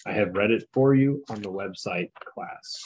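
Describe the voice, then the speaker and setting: Low-voiced man reading a textbook aloud. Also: normal speed, darkish tone, slight background noise. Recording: dull lo-fi classroom recording.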